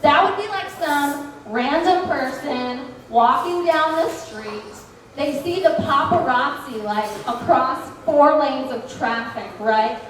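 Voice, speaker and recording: A woman's voice: high voice, slow, a bit bright. A woman doing a stand-up comedy set in a bar, with a dry, sardonic, ironic delivery. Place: bar event venue. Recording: echoey room, mic picked up from far off.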